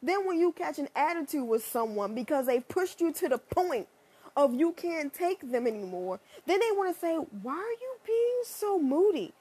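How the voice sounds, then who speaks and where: Woman with a high voice going off, swearing a lot, sarcastic, big sudden jumps up. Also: normal speed. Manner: blunt, profane and sarcastic; animated, with sudden pitch jumps. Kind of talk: ranting monologue.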